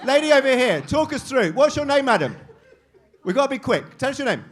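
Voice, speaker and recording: A man hosting a live comedy show, teasing the audience with crude, quick-witted crowd work. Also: very high-pitched, sing-song. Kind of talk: crowd-work stand-up banter.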